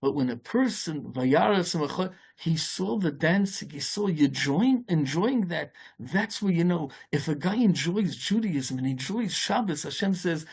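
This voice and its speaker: Rabbi guy preaching, gravelly kinda husky voice, lots of stops and restarts, yiddish words all through. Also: expressive, a little mellow. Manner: halting, many restarts, peppered with Yiddish and Hebrew terms; storytelling, rising in pitch as the tale builds. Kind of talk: informal Torah talk.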